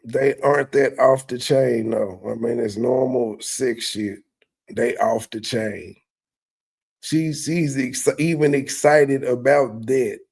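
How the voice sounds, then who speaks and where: A man's voice: mid-range voice, slow, creaky, a little mellow, breathy edge. A man hosting a reaction commentary, talking in a profane, mocking way as he rants. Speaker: commentary host.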